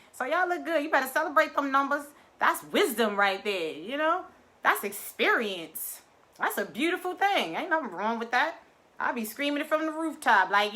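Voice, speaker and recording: Woman, middle-aged, bright clear voice, slightly high, playful spiritual talk. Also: moderate pace. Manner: animated, playful, acts out quoted voices. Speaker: spiritual vlogger. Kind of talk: casual spiritual talk to viewers.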